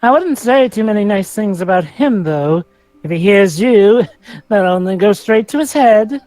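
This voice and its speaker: A woman's voice: medium pitch, animated, normal speed, mellow, no room sound, soft background music, natural voice, low-quality recording. An actress voicing a plain-spoken young Yorkshire woman in game dialogue, blunt with homely dialect.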